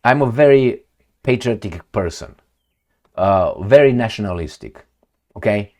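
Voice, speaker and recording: Lively accented man ranting on camera. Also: on the low side, unhurried. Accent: non-native accent of English. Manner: rhetorical, ranting, asks the viewer questions. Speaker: political commentary host. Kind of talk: opinionated commentary vlog.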